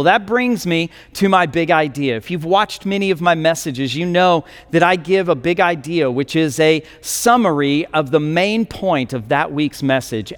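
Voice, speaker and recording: A man's voice: fairly high pitch, long reverb tail. A male pastor telling a scripture story in a sermon, with many restarts and fillers.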